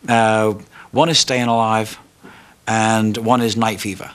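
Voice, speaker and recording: A man's voice: on the low side, level tone, slow pace, fairly bright tone, clear, resonant tone. Man reminiscing in an interview.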